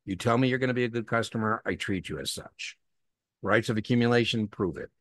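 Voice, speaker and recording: A man's voice: mid-range voice, brisk, no echo, clean studio sound. A man teaching an exam prep class in a conversational way, telling anecdotes and acting out the dialogue in them. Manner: animated storytelling, acts out dialogue; repeats key points for emphasis.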